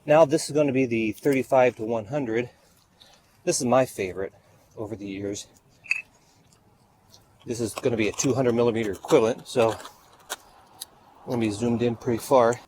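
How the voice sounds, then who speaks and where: A man's voice: medium pitch, moderate pace, long pauses, a little mellow, slight background noise, rough recording. A man photographing a model outdoors, out of breath, counting off shots and giving short directions. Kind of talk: on-location shoot commentary. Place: outdoors by a street.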